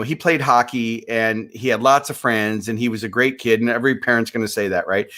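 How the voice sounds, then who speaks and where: A man's voice: mid-range voice, a bit bright. A man in his fifties, from Minneapolis, a podcast guest telling a personal story in an earnest, motivational way, often restarting his sentences. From USA, Minneapolis. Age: 50s. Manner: earnest, motivational, repeats words when starting sentences. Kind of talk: conversational storytelling.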